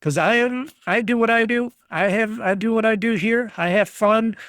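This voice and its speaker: A man's voice: high-pitched, moderate pace, fairly bright tone, no room sound, clean studio sound. A middle-aged American man hosting a solo podcast, ranting bluntly and swearing freely. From United States. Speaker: podcast host.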